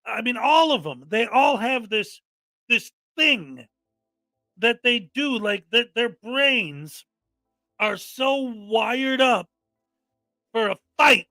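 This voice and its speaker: A man's voice: very high voice, expressive, slow, long pauses, sharp tone, no echo, soft background music. A man hosting a reaction commentary show, talking in an exasperated, mocking rant and often mimicking people angrily. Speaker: commentary host.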